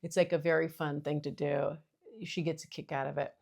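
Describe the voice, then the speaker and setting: Chatty gravelly-voiced mom podcaster. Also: female voice, sits low, flat delivery, brisk, darkish tone. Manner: chatty, rambling, self-deprecating, many fillers. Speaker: podcast host. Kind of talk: casual solo monologue.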